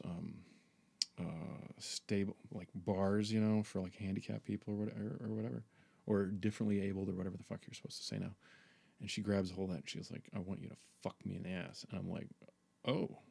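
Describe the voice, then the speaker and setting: A man talks through a personal story as a podcast host, in a low, mellow voice with a gravelly edge. He rambles, swears freely and leans on fillers and restarts. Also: steady tone, a little fast. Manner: rambling, profane, many fillers. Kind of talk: candid personal monologue.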